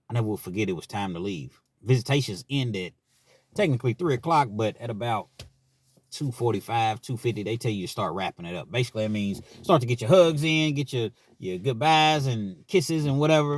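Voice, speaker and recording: A man's voice: mid-range voice, animated, normal speed, no room sound. A man in his forties telling an earnest, rambling personal story with frequent restarts. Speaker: vlogger.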